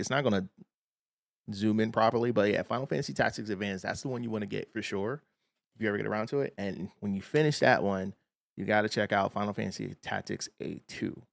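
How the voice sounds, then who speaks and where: A man streaming a game, chatting casually with viewers and reading their comments aloud in a relaxed way, with lots of hedging. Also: on the low side, creaky, no echo, clean studio sound. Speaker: gaming streamer. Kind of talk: casual livestream chat.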